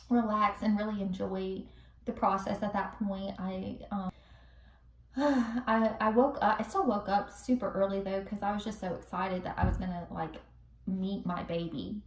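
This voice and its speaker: A young woman casually telling a personal story to the camera, chatty and animated, acting out what people said. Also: mid-range voice, normal speed. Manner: chatty, animated, acts out quotes with laughs. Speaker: vlogger telling her birth story. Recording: roomy echo, recorded from a distance.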